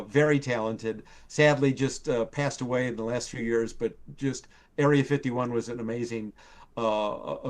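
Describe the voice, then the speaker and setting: An older man, a TV writer, telling rambling stories on a live stream, full of fillers and acted-out quotes. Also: mid-range voice. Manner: rambling storyteller with many fillers, acts out quoted voices. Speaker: TV writer and producer guest. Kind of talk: casual anecdote telling. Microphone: live stream call.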